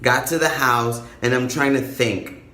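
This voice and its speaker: A man vlogging straight to camera, animated and profane as he tells his story. His voice sits at a middle pitch, and the room gives it a noticeable echo. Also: unhurried. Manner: animated, profane, dramatic retelling. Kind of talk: casual storytelling vlog.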